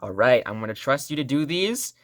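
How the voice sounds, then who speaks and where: Very low-voiced playful woman teacher. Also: sing-song, brisk. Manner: playful, joking teacher drilling sounds aloud. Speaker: language teacher. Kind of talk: online language lesson.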